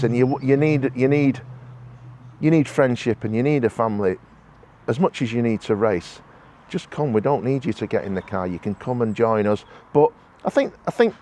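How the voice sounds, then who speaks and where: A man's voice: medium pitch, darkish tone. A man talking casually to camera in a vlog, rambling and heartfelt, with many restarts and repeated words. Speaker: motorsport club organiser. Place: outdoors at a racing circuit.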